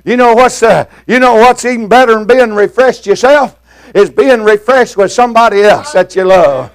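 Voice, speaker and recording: An older male preacher with a very high, gravelly voice delivers a fiery sermon. He shouts in a rolling preaching cadence, folksy and plain-spoken, with "uh" fillers between phrases. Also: normal speed.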